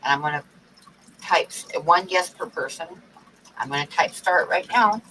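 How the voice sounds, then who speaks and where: A woman's voice: on the low side, normal speed, bright, forceful tone, far from the mic, a little hiss or hum, low-quality recording. A woman hosting a livestream in casual chat, reading out viewer comments and telling jokes. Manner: chatty, tells jokes with a put-on pirate growl. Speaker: livestream host.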